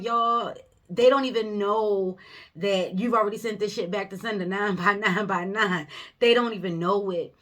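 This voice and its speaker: Bright, emphatic woman reading tarot. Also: mid-range voice. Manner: animated, emphatic, swears freely, laughs often; addresses viewers as baby and y'all. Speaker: tarot reader. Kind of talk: casual tarot reading to viewers.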